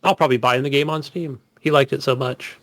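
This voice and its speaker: A man's voice: mid-range voice, steady tone, quick pace, a bit bright. A man co-hosting a gaming podcast, chatting casually in a rambling, profane way. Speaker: podcast co-host.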